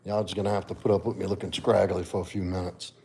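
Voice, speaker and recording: A man's voice: sits low, little pitch movement, fast talker, vocal fry, darkish tone. Laid-back man chatting on a livestream. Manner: laid-back, talks to his dog and viewers. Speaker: livestream host and fitness coach. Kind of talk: casual livestream chat reading the chat.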